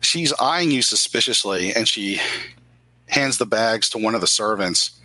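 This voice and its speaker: Bright-voiced male game master. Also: on the low side, expressive, measured pace, no room sound, poor audio. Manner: descriptive, with fillers. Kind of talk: narrating a tabletop game.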